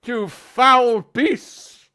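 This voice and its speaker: A plucky old man squeaks out slow, drawn-out challenges, as a man puts him on. The pitch jumps far above the performer's normal voice, and each word is stretched out and defiant. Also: pushed and bright, clean tone, full character voice.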